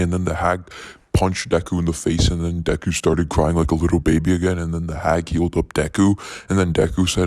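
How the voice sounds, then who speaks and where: A man's voice: sits low, little pitch movement, normal speed, darkish tone, no room sound. A male YouTuber casually retelling a parody story in long, rambling run-on sentences.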